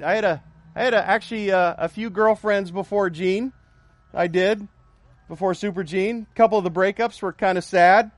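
A middle-aged man preaching a sermon in a notably high voice. He repeats his points for emphasis, leads the congregation in call-and-response, and drops in joking asides. The sound is dry and close. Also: normal speed, dry recording. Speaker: pastor.

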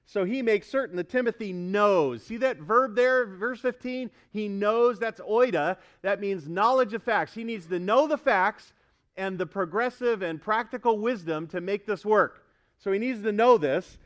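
High-voiced preacher man. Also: highs cut off. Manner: emphatic, quizzes the congregation. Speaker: pastor. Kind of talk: sermon. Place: church service.

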